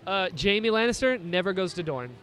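A man with a notably high speaking voice, chatting casually and retelling scenes with real excitement. He jumps into little acted-out quotes as he talks. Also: brisk. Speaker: podcast conversation partner. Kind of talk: casual chat.

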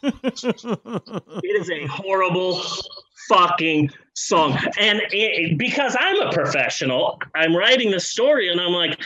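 A man co-hosting a podcast, telling a comedic story in a rambling, profane, animated way. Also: high-pitched, measured pace, rough recording. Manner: rambling, animated, profane, drops into character voices. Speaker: podcast co-host.

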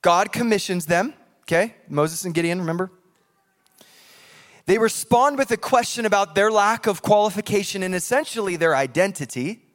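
A man preaching a sermon in a church, animated and jokey, acting out voices from scripture. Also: sits high, moderate pace. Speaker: pastor. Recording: long hall reverb.

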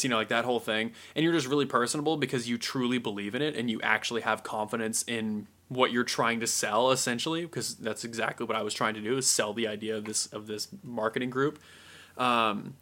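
Young male co-host, casual and animated, acts out bits mid-talk. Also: mid-range voice. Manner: animated, acts out scenes in quick voices. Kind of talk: casual chat.

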